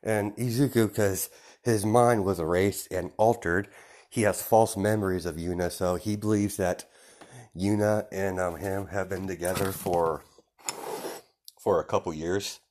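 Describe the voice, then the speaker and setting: Rambling low-voiced storyteller man. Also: steady tone, unhurried, darkish tone. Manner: rambling, many fillers, chuckling often. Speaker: fan storyteller. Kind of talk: casual improvised storytelling.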